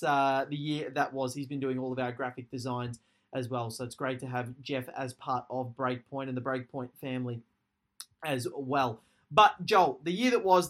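Podcast host: man, somewhat high-pitched, casual and enthusiastic, talks in long run-on stretches. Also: a bit bright. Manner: rambling, enthusiastic recap with fillers. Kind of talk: casual sports podcast chat.

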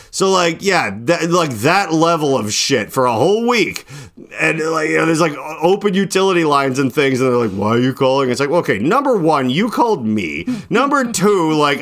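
A man's voice: on the high side, fairly bright tone. A young adult man hosting a casual podcast, rambling through a long story, full of "like" and acting out both sides of his phone calls. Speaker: podcast host. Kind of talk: casual late-night storytelling chat.

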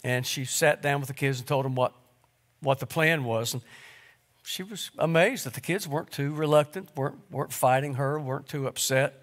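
A middle-aged man preaching a sermon, telling stories with repeated words and pauses. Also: mid-range voice. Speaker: pastor. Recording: long hall reverb.

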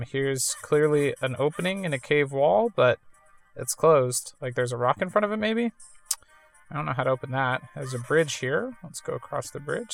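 A woman with a low voice rambling through a video game, chatty and amused by her own jokes. Her tone swings up and down lively. Soft game music sits under her voice. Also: vocal fry. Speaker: let's-play gamer. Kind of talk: casual game commentary.

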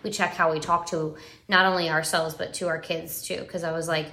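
Earnest rambling mom vlogger, bright echoey voice. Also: female voice, deep voice, little pitch movement, fairly quick. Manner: rambling, earnest, lots of fillers and restarts. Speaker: parenting vlogger. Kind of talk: casual live video chat. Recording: roomy echo.

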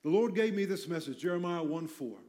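A man preaching a passionate sermon, swinging between loud emphasis and quiet intensity, with light humorous asides. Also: high-pitched, animated, fairly quick.

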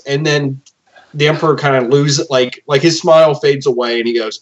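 A man's voice: a little high, steady tone, normal speed. A man in casual podcast chat who insists on his point and tells a comic bit. The sound is dull and lo-fi. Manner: insistent, storytelling. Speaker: podcast co-host.

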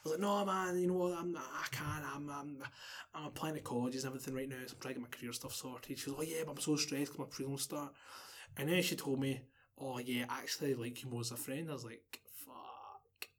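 A man's voice: mid-range voice, quick pace, husky. A young man with a Glasgow Scottish accent telling a long story in casual chat, laughing and acting out what people said. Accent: Glaswegian Scottish. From Scotland. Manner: animated, laughing, swearing, acts out quotes. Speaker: podcast guest.

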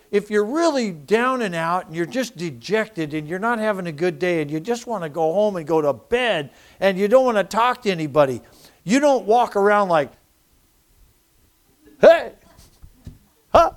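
A man preaching a sermon, animated and personal, often restarting phrases as he tells his testimony. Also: high-pitched. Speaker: pastor.

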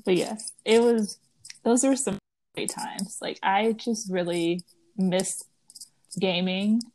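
A woman's voice: medium pitch, slow pace, a little hiss or hum. A young woman in her twenties co-hosting a podcast, chatting casually with lots of laughter, fillers and restarts. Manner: animated, laughs often, many fillers and restarts. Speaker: podcast co-host. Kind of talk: casual chat.

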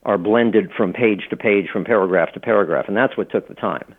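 There's a breathy edge to this middle-aged man's fairly low, brisk voice as he chats as an interview guest. An author and law professor, he rambles through casual talk with many restarts and fillers, on tinny phone-line audio.

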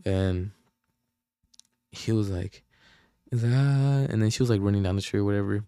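A man's voice: fairly low pitch, moderate pace, warm tone, clean tone, dry recording, studio quality. A young man from Oakland, hosting a podcast and telling a rambling, profane story full of slang and fillers. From Oakland, California. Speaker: podcast host. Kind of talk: casual storytelling.

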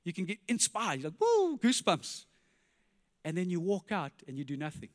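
A pastor preaching an animated sermon, firing rhetorical questions and dropping to quiet emphasis, in a church. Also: male voice, a little high, quick pace, long reverb tail.

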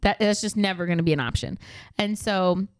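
A woman's voice: medium pitch, fairly quick, clear, resonant tone, dry recording, studio quality. A woman in her thirties co-hosting a podcast, telling stories animatedly and laughing often. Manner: animated storytelling, mimics voices, laughs often. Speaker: podcast co-host. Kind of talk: casual chat.

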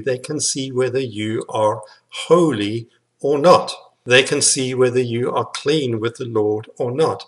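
A male preacher delivers a sermon in an earnest, urgent way. His voice sits in a middle register, and he leans on repeated words to drive his points home. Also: mid-range voice. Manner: earnest, repetitive emphatic phrasing.

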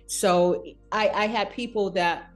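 A woman guest in a casual interview, telling her story in an animated way, laughing often and going high when she quotes people. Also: slow pace, soft background music.

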